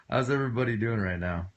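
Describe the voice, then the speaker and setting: A man's voice: mid-range voice, no echo, muffled recording. A man in his late twenties hosting a casual live stream from his home basement, reading and answering viewer comments in a joking way and laughing often. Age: late 20s.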